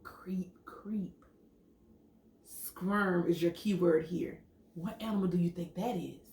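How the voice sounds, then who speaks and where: A woman's voice: on the low side, normal speed, creaky. A woman teacher reading a picture book aloud to young children, acting out the sound words and stopping to quiz them. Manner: expressive storytelling, acts out sound words and quizzes children. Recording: echoey room, mic at a distance.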